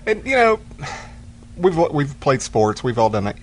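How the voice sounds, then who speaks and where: A man's voice: medium pitch, sing-song, a little slow, slight background noise. A man co-hosting a podcast, giving firm opinions in casual talk about a movie. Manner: opinionated, emphatic agreement. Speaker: podcast co-host. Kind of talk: casual movie review chat.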